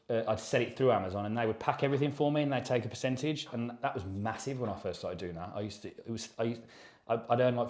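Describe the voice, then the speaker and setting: A man's voice: lowish voice, darkish tone. A man in his thirties, co-hosting a podcast, chatting loosely and swearing as he rambles through his story. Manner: rambling, sweary and matter-of-fact. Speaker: podcast co-host. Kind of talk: casual chat. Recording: echoey room.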